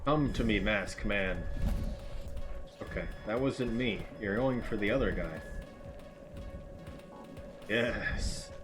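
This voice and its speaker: A man giving casual live commentary while playing a game, chatty and quick to burst into excited laughter. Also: lowish voice, over music. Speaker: streamer.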